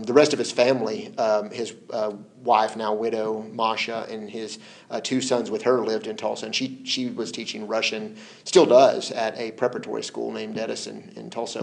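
A man as an interview guest, telling stories in a relaxed, hesitant way, repeating words and laughing often. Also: medium pitch, gravelly. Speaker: interview guest, former translation collaborator. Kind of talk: relaxed conversational storytelling.

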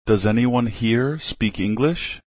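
Slow, husky man reading phrases. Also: mid-range voice, no echo, studio quality. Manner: reads short phrases one at a time with pauses. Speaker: language lesson reader.

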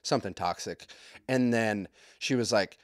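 A man's voice: on the low side, dry recording. Profane joking man, dry close sound. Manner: profane, rambling and joking, with quick asides. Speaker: podcast host. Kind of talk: comedic storytelling.

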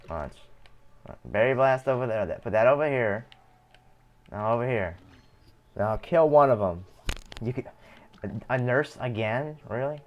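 A man's voice: mid-range voice, animated, moderate pace, long pauses. A man casually streaming a card game, swearing often and rambling in complaint. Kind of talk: casual live-stream commentary while gaming.

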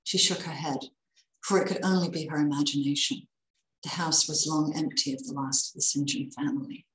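A woman reading a Christmas story aloud in a measured, expressive way. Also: sits low, reverberant, low-quality recording.

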